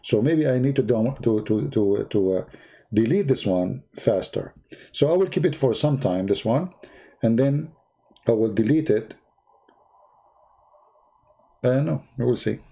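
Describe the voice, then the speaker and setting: Man, livestream host, sarcastic, animated, nonstandard English, warm mellow tone. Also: mid-range voice, measured pace, creaky, long pauses, breathy edge. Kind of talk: mocking religious commentary, casual.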